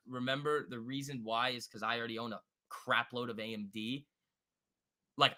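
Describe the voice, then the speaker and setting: A man hosting a live stock trading stream, thinking aloud and answering chat in an excitable, quick way. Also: medium pitch. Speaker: stock trading livestream host. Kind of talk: live market commentary reading chat.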